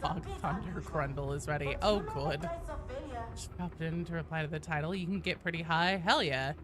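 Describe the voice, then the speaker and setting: A woman's voice: low-pitched, normal speed, music in the background. A woman streaming a game, chatting casually with her viewers, playful and swearing, reading the chat aloud. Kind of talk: casual live-stream chat while gaming.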